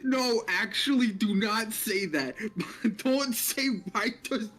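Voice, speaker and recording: A man's voice: high voice, takes it slowly, a bit bright. A man joining a game stream as a guest, chatting casually and laughing a lot, repeating himself for emphasis. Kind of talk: casual gaming stream chat. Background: faint game music.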